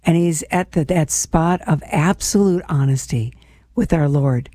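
A woman speaks in a mellow, warm voice, hosting a devotional program. Her talk is earnest and personal, reflecting on scripture as if chatting with friends. The recording is dry and close, with no room sound. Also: low voice, a little slow, no room sound. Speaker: host of a devotional show.

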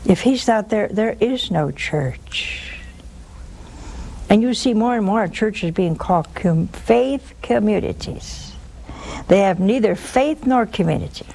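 A woman's voice: medium pitch, animated, slow, creaky, mellow, slight background noise. A woman hosting a religious call-in show, preaching emphatically and repeating key words for force. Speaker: religious TV host taking calls.

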